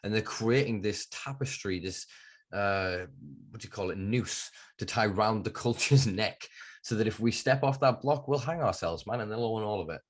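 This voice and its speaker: Passionate Northern English man, low voice. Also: moderate pace. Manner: passionate, emphatic, swears freely. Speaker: podcast host. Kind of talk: casual podcast conversation.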